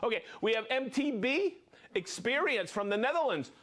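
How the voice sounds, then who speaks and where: Lively high-voiced male stream host. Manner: upbeat, reads off viewer names with quick asides. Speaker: livestream host. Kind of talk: live stream greetings.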